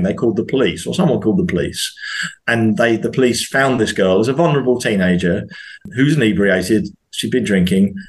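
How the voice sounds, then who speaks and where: A man from the UK, a podcast guest, talking casually with many restarts and indignant rising questions. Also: on the low side. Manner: animated, hesitant restarts, rises sharply when indignant. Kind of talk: casual conversation.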